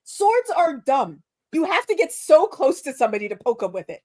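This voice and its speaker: A woman co-hosting a live stream in casual chat, excitable and quick to jump into high exclamations. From born on a British island. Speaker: co-host.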